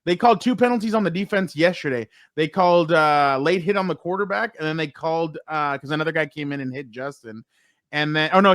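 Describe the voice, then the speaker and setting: Excitable man telling locker-room stories. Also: on the high side, fast, no echo, studio quality. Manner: excited storytelling, quotes players. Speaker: sports podcast co-host and reporter. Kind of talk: casual sports talk.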